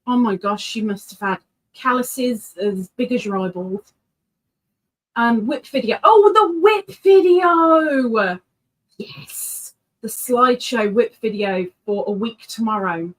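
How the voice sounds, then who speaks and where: A woman's voice: medium pitch, measured pace, poor audio. A middle-aged woman hosting a casual livestream, chatting playfully and reading viewers' messages aloud. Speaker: livestream host.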